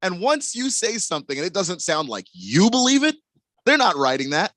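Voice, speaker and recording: A man's voice: sits high, very animated, normal speed, fairly bright tone, no room sound. A man co-hosting sports talk radio, talking casually with frequent restarts and chuckles. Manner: stammering restarts, laughs while talking.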